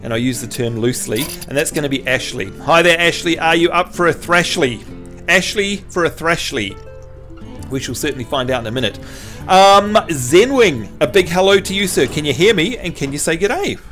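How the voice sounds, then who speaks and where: Casting: New Zealand man, streamer host, slightly higher voice, faint game music behind. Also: lively intonation, normal speed, a bit bright. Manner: chatty, reads chat aloud, jokey outbursts. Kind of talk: live-stream chat reading.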